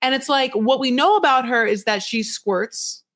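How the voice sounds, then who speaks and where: A woman hosting a podcast, chatting casually in a lively, rambling way about a reality show. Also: high-pitched, moderate pace. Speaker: podcast host.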